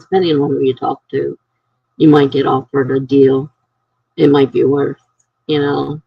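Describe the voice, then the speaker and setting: A woman chatting casually with her live-stream viewers from home, her voice gravelly and a little husky. She rambles through her stories in an animated, conversational way. The sound is dry and close. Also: very deep voice, normal speed, pauses often, dry recording, muffled recording.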